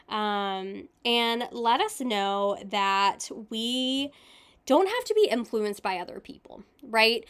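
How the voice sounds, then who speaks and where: A young woman with a slightly high voice talks through a tarot reading in a relaxed, casual way. She sounds gentle and upbeat, with frequent little fillers between her thoughts. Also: clear, resonant tone. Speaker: tarot reader.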